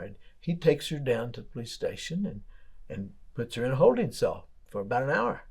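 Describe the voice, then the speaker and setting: Man, pastor, daily devotional, husky voice, folksy storytelling, rhetorical questions. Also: medium pitch, sing-song, normal speed, darkish tone. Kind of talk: devotional sermon.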